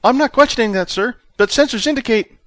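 High tense voice, a man doing a jittery young starship officer, audiobook. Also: fast talker, a bit bright, no room sound. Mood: anxious. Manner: high, strained, dutiful reports.

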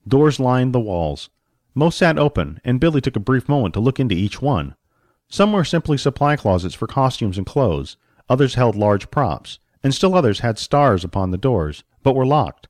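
A man narrating an audiobook story with expressive storytelling and varied pacing. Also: medium pitch, normal speed, no echo, clean studio sound.

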